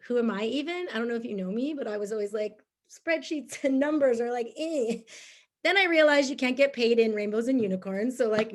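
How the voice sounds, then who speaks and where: A bubbly woman coaching her sales team, her voice a little higher than most. She talks in a chatty, upbeat way, full of fillers, and laughs easily. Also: fairly bright tone. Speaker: team leader. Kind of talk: motivational group talk.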